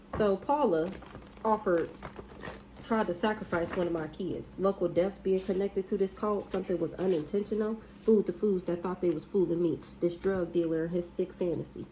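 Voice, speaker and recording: A woman doing a casual spiritual reading, blunt and profane, with drawn-out hums and exclamations. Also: on the low side, fairly even intonation, warm tone, a little hiss or hum, low-quality recording. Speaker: spiritual reader.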